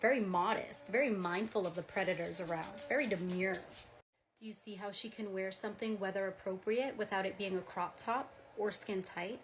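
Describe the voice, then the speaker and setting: A woman's voice: medium pitch, moderate pace, noisy background. A mother doing an earnest, mock-proper comedy skit.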